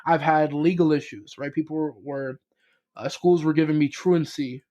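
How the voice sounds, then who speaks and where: A man's voice: on the high side, fairly even intonation, moderate pace, mellow, muffled recording. Rambling young man on a podcast. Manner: rambling, many fillers and restarts, swears casually. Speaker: podcast co-host. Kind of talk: casual chat.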